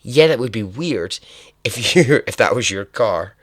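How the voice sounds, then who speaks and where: A man's voice: medium pitch, lively intonation, unhurried, fairly bright tone, dry recording, studio quality. A man hosting a podcast, telling a true-crime story in a casual, chatty way, laughing and swearing now and then. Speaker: podcast host.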